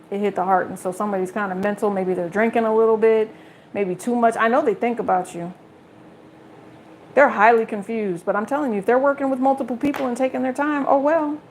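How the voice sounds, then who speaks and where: A fairly high-voiced woman talks her way through a casual tarot reading, frank and chatty, and she curses without much care. Faint noise sits under the recording. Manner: candid and blunt, swears freely; chatty, talks straight to viewers. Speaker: tarot reader.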